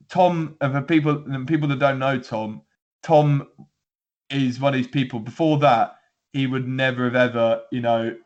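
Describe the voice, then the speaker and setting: A man's voice: medium pitch, dull audio. A man co-hosting a football podcast, talking in a rambling, laughing way with lots of restarts. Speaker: podcast co-host. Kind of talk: casual chat.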